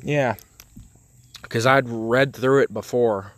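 A man's voice: mid-range voice, steady tone, slow. An eighteen-year-old man bantering casually, crude and joking, swearing a lot. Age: 18, young adult. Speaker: vlog co-host.

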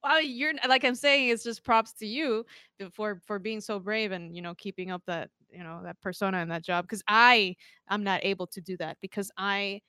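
A woman's voice: medium pitch, normal speed, pushed and bright, clean tone, dry recording. A young woman streamer in casual chat, giggling often and rambling with lots of fillers.

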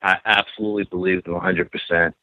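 Low-voiced guy on a crackly phone line, telling his story all worked up, keeps repeating stuff. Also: fast talker, no echo. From New York. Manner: animated, repeats himself, acts out quotes. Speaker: guest telling an encounter story.

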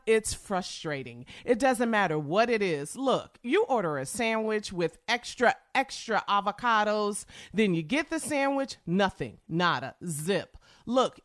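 A woman's voice: mid-range voice, a bit bright, no room sound, studio quality. A woman radio co-host reading an ad in a chatty, upbeat way. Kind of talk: read advertisement.

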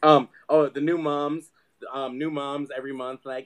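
A man's voice: mid-range voice, flat delivery, moderate pace, clean tone. A man co-hosting a crude comedy chat, ranting with heavy profanity and frequent laughter. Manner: profane, ranting, laughs often, mocking voices.

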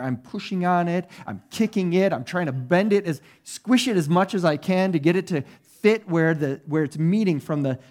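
A man's voice: a little high, a little mellow. A middle-aged pastor telling a self-deprecating personal story in a sermon to his congregation, conversational and often asking them "right?".

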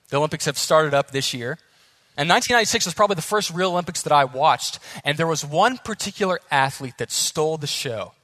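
A young man preaching a sermon as pastor, earnest and animated, speeding up as the story builds. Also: mid-range voice, no room sound.

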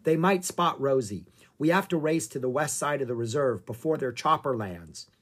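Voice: medium pitch, animated, moderate pace, fairly bright tone, slightly rough. A storybook reader voicing a caring adult woman ranger who speaks earnestly. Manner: earnest, urgent.

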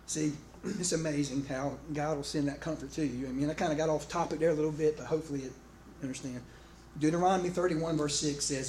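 A male pastor delivers a sermon in a loose, chatty manner, stumbling through restarts and calling out to the congregation for a reply. His voice sits slightly high for a man. The sound carries through a roomy, echoing church hall with faint background noise. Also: fast, hardly any pauses. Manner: animated, conversational, with many restarts; calls out to the congregation.

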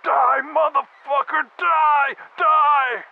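A man's voice: very high voice, fairly even intonation, very slow, voice pushed up, exaggerated voice. A man voicing a panicked SWAT officer screaming for help over a phone call in an audiobook. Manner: frantic screaming. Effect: phone call playback. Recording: muffled phone recording.

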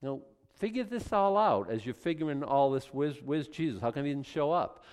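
A man's voice: on the high side, normal speed, smooth. A middle-aged man preaching a sermon as pastor, acting out little voices and asides. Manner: animated, acts out voices of God and people.

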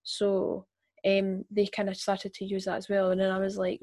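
A woman's voice: medium pitch, monotone, normal speed, darkish tone. Young scottish woman chatting away, lots of aye and wee, laughs easy. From Scotland. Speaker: interviewer. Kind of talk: casual chat.

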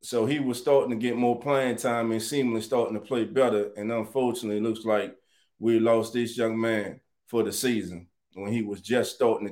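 A man hosting a casual live sports chat, animated and greeting viewers by name. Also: on the low side. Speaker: sports talk show host.

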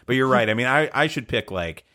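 A man's voice: mid-range voice, lively intonation, brisk, sharp tone. A middle-aged man co-hosting a podcast, telling a long, rambling, self-deprecating story in casual chat. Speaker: podcast co-host.

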